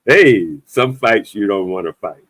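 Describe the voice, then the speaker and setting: Black guy hosting a podcast chat, pitch jumping all over, dead dry sound. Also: a little slow, no room sound. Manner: animated, emphatic, loose conversational delivery with a playful edge. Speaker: podcast host. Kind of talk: casual opinionated chat.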